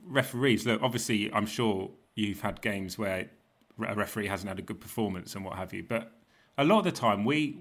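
A man's voice: lowish voice, fairly bright tone. A man hosting a casual sports podcast, chatty, laughing often as he steers the talk. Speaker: podcast host.

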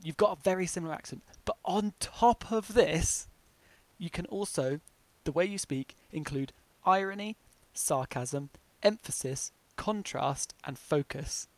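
A man's voice: a little high, no room sound. A young man with a southern English accent chatting casually on a podcast, full of "like" fillers. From southern England. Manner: chatty, lots of "like" fillers, quick to laugh. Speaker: podcast co-host. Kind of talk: casual chat.

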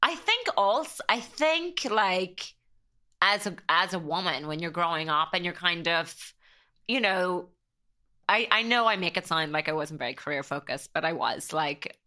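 A woman's voice: fairly low pitch, expressive, normal speed, sharp tone. An Irish woman in her thirties, a podcast guest talking in a chatty, rambling way and getting openly emotional. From Ireland. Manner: chatty, rambling, heavy use of "like". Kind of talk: casual interview chat.

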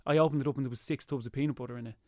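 A young Irish man chatting as an interview guest, telling lively stories and slipping into impressions. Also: medium pitch, rapid-fire, no room sound, studio quality. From Ireland. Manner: lively storyteller, slips into impressions. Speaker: guest, YouTuber. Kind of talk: casual interview chat.

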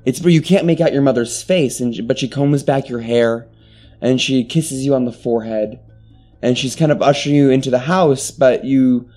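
A man running a tabletop game, narrating a dream scene in a loose, rambling way. His voice is mellow and warm, with faint music underneath. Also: medium pitch, normal speed. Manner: rambling, full of restarts and fillers. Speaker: game master.

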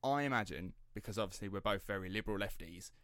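A man's voice: on the low side, quick pace, fairly bright tone, clean tone, no room sound, studio quality. A young man hosting a casual true-crime podcast, chatty and rambling, swearing and laughing easily as he tells the story. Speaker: podcast host telling the story.

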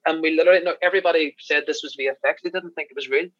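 An Irish man, a podcast guest, telling animated stories in casual chat, swearing and laughing as he goes. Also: fairly high pitch, racing, dry recording, dull audio. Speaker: podcast guest, special effects crew member.

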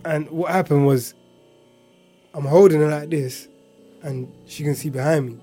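A man's voice: a little high, steady tone, normal speed, warm tone, soft background music. A man casually telling a personal story, chatty and full of filler words and asides.

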